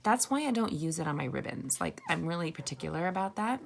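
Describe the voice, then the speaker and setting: A woman chats her way through a crafting tutorial, upbeat and personal with her viewers. Her lowish voice carries a gravelly edge, over a faint background hiss. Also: big pitch swings, fast. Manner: chatty, upbeat, addresses viewers as "you guys" and "sisters". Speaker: card-making instructor.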